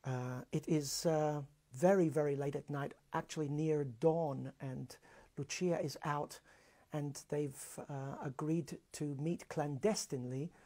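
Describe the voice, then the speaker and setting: A middle-aged man hosting a music series, explaining an opera thoughtfully with frequent pauses and restarts. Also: on the high side, fairly even intonation, warm tone. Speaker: music director and host.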